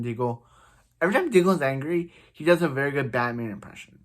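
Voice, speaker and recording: A man's voice: on the high side, lively intonation, fast talker. A man casually recapping a TV episode, rambling and exasperated, giving blunt opinions. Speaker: TV show reviewer.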